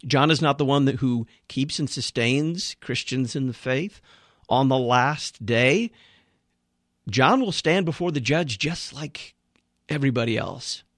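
A man's voice: mid-range voice, no room sound. A man hosting a radio program, critiquing a sermon he has just played in an emphatic, preaching manner.

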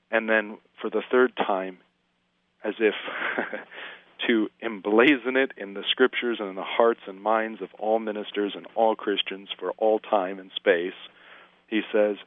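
A man talking earnestly through scripture in conversation, slowing down when he quotes it. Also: lowish voice, steady tone, no echo. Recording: dry tinny phone-like audio.

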